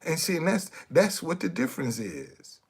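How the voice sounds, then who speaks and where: A man's voice: fairly high pitch, wildly swooping pitch, normal speed, slightly rough. A man, ranting on a casual live stream, repeating himself and heckling commenters. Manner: repeats phrases, heckles chat commenters, laughs loudly.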